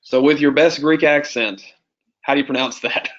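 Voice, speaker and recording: A man's voice: on the high side, steady tone, normal speed, a bit bright. A man teaching a Greek class, patiently quizzing students with prompting questions. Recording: muffled lo-fi classroom recording.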